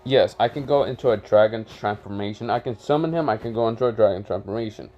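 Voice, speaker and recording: A man's voice: lowish voice, fast talker, darkish tone, lo-fi sound. A man casually telling a made-up fan story, rambling with lots of fillers. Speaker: channel host telling a story.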